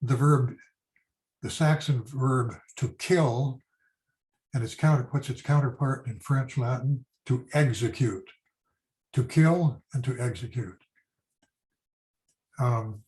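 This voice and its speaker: An older man giving an informal history lecture, halting with many fillers and restarts as he explains. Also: mid-range voice, darkish tone, poor audio. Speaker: history teacher.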